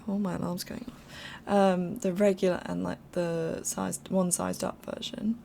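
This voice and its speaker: A woman's voice: lowish voice, flat delivery, measured pace, gravelly, mellow, slight background noise. A young woman giving casual, rambling voiceover commentary over a game build from home, chatty and apologetic, often laughing. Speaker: game speed-build creator.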